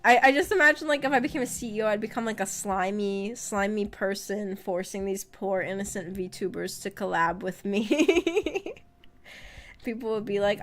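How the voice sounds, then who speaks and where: A woman's voice: medium pitch, expressive, moderate pace. A woman VTuber streamer chatting casually on a livestream, rambling, trailing off with fillers and laughing often. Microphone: streaming microphone. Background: faint background music.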